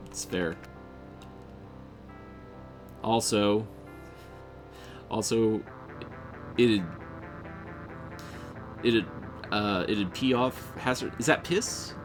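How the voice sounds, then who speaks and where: A man with a fairly low voice plays through a game very slowly, pausing often over soft background music. He reads the game's text aloud and chats casually, frequently tripping over words.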